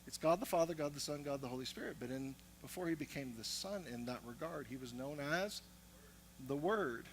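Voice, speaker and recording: A man's voice: fairly high pitch, a little fast, a little hiss or hum, rough recording. A man preaching a sermon as pastor, moving from storytelling to emphatic teaching.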